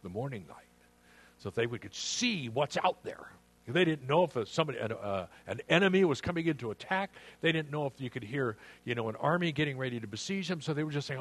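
A man preaching a sermon in an earnest, conversational way, asking the listeners questions and reading scripture aloud slowly. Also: mid-range voice, expressive. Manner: reads scripture aloud with slow emphasis. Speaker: pastor.

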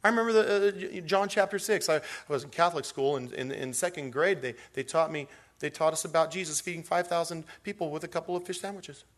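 A man's voice: quick pace, hardly any pauses. A man preaching a sermon as pastor, talking conversationally with jokey asides and acting out little quotes. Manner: animated, acts out quotes with big pitch swings.

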